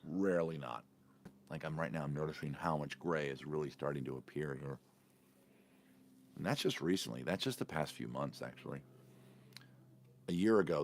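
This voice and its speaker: A middle-aged man with a deep, gravelly voice hosts a relaxed coffee chat for his supporters. He rambles and breaks off mid-sentence. He speaks casually, as if talking straight to a phone held close. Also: brisk, long pauses, a little hiss or hum. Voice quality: low gravelly voice. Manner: rambling, self-interrupting, chatty. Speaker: entertainer and vlog host.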